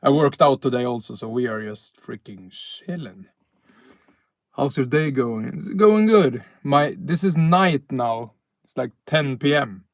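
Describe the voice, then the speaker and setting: A man's voice: medium pitch, expressive, measured pace, dry recording. A man from northern Sweden with a Swedish accent, chatting casually on a live stream outdoors at night, laid-back and rambling with fillers and self-corrections.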